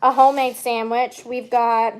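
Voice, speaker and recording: A woman's voice: a little high, level tone, normal speed. A woman hosting her own channel, chatting and teasing while she eats, often with her mouth full. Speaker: channel host. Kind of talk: casual mukbang chat.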